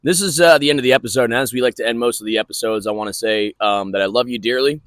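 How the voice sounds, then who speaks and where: A man's voice: mid-range voice, racing, a bit bright, no echo, studio quality. A man hosting a casual comedic chat outdoors at a backyard grill, laughing often and leading segments with a sung jingle. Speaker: podcast host.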